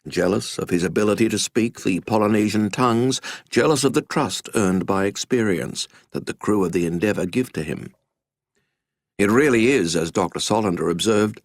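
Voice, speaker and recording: A man's voice: fairly low pitch, no echo. A man narrating a scripted history story with a dramatic, wry storytelling manner, recorded in a studio.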